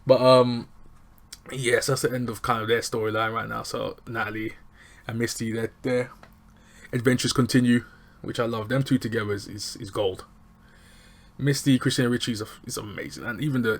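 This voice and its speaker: A man with casually recapping a TV episode, animated and chatty, acting out lines from scenes. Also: mid-range voice, brisk. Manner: animated, chatty, acts out quotes. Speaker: TV show reviewer.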